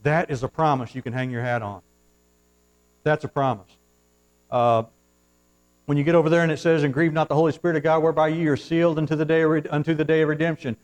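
A male pastor preaching a sermon from the pulpit, swinging from hushed asides to loud, fervent surges and reading scripture in formal old-fashioned wording. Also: on the high side, level tone, fast, long pauses, rough recording. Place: church, at the pulpit.

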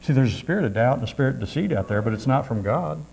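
A man's voice: mid-range voice, expressive, racing, gravelly, darkish tone, slight background noise, rough recording. A man preaching a sermon in a folksy, repetitive way, with frequent amens.

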